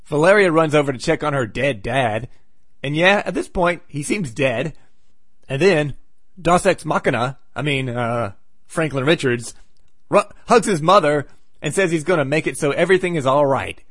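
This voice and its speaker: A man's voice: fairly high pitch, expressive, normal speed, fairly bright tone, no room sound. Wry, sarcastic man hosting a podcast. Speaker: podcast host. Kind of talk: casual comic book recap.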